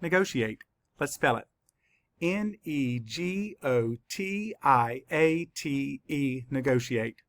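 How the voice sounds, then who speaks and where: Gravelly male teacher spelling slowly. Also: mid-range voice, a bit bright, no echo. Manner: slow, careful letter-by-letter spelling. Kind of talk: spelling lesson for children.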